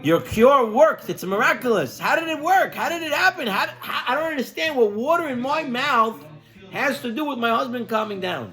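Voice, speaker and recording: A man voicing a wife who is amazed and full of excited questions, pitching his voice well up for her. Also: normal speed, heavily acted. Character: amazed wife back at the doctor.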